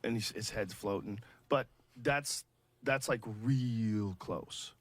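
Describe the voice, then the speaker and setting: A man's voice: fairly low pitch, takes it slowly. A man hosting a podcast, chatting casually and thinking aloud with restarts and short agreeing asides. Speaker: podcast host. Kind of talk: casual chat.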